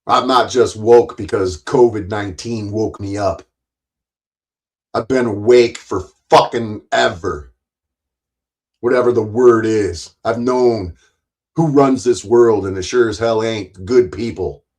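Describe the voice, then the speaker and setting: A man with a fairly low voice rants on a livestream. He swears nonstop and turns sarcastic and mocking. He keeps hammering his points by repeating them. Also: slow pace. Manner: angry, sarcastic, swears constantly. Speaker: livestream host. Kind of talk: profane livestream rant.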